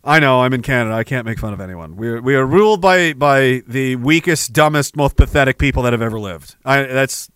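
A man's voice: medium pitch, expressive, a little fast, hardly any pauses, fairly bright tone, smooth, no echo. A man hosting a podcast, ranting angrily and with heavy profanity between reading chat messages, with sarcastic asides. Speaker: podcast host.

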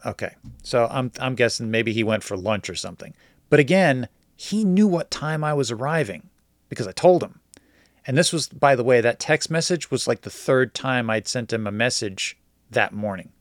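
A man spinning a casual story, animated and quick to act out each person's lines in his own voice. His pitch sits in the middle, and the sound is dry and close, with no room echo. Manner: animated, acts out quoted dialogue.

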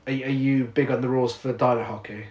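A man's voice: mid-range voice, flat delivery, fast talker, a little mellow, muffled recording. A man co-hosting a podcast, recapping a film in casual chat, laughing and swearing in disbelief. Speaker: podcast co-host. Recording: echoey room.

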